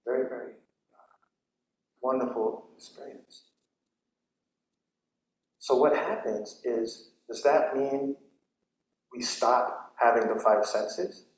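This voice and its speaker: Male monk, relaxed talk-style sermon, mid-range voice, recorded with hall echo. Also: mid-range voice, slow, long pauses. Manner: conversational storytelling, many "right?" asides. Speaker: Buddhist monk giving a retreat talk. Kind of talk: dharma talk. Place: temple hall during a retreat.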